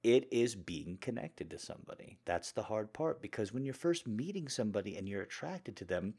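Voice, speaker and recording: Animated low-voiced man chatting. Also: a little fast, slightly rough. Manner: animated, jokey, bursts of laughter. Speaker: host of an audio channel. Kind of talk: casual Q&A chat.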